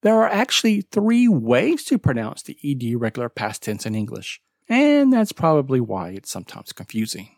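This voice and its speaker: An English pronunciation teacher hosting a podcast lesson, explaining slowly and deliberately with emphatic word stress and spelling out web addresses letter by letter. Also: mid-range voice, wildly swooping pitch, vocal fry, darkish tone, dry recording, clean studio sound.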